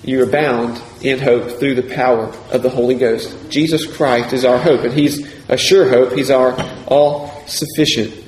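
A man preaching a sermon in a deliberate, emphatic way, repeating key phrases for emphasis. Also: medium pitch, steady tone, a little hiss or hum. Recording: echoey hall, faint ambience.

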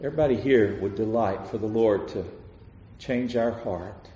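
A man preaching a sermon in a church, pleading and passionate, then dropping to a hushed, intimate tone. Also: on the low side, normal speed. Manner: impassioned, swings from loud pleading to hushed near-murmur. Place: church sanctuary. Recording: echoey hall with long reverb.

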